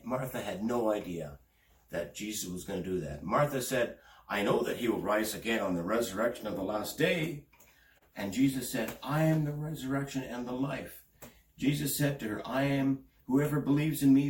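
A man preaching a sermon, earnest and steady, reading scripture and lifting his voice on the words he stresses. His voice is of middle pitch. He sounds a little distant from the mic, in a roomy, echoing space. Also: a little hiss or hum. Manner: earnest, reads scripture aloud and rises in pitch for emphasis.

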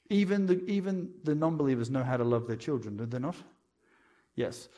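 A middle-aged man speaking as a guest preacher, giving a testimony sermon in an animated way. He swings between loud emphatic lines and quiet asides and keeps checking in with "okay?". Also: mid-range voice, fairly quick.

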